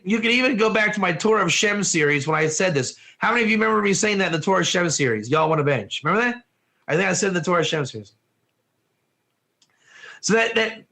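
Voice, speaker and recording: High, lively man lecturing a class. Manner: excitable, rambling, laughs and slips into accents. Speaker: Torah teacher.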